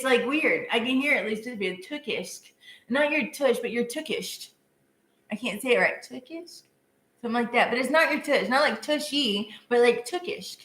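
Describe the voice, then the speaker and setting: A woman with a bright, lively voice runs a live-stream tarot reading, chatting casually and giggling often. Her voice sits a little high and rings in an echoey room. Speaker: tarot reader.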